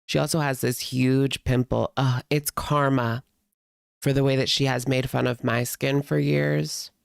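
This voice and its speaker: A man in his thirties talks in a loose, rambling way, full of fillers and amused asides. His voice has a gravelly edge but stays smooth and clear. The sound is dry and close, with no room around it. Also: medium pitch, little pitch movement, a little slow, dry recording. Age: 30s. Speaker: host. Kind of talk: casual storytelling to live chat.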